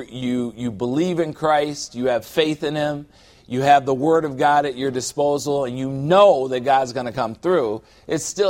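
This sermon comes from a middle-aged pastor whose voice sits a little high. His delivery is chatty and funny, and he plays out little everyday scenarios.

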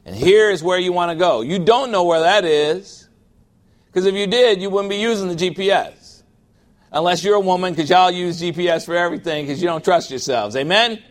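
A man preaching to a congregation with a slightly higher voice than most men. His delivery is conversational and lively, and he stops to ask the room for an amen. He drops into short impressions of people without leaving the sermon. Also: brisk. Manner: conversational preaching, mimics whiny believers, asks for amens. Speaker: pastor.

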